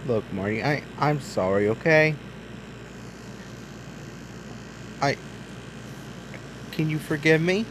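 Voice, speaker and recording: Brief: man voicing a father truck, low, subdued, calm, slow and forgiving. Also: background noise. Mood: remorseful. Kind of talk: hobby toy drama voice acting.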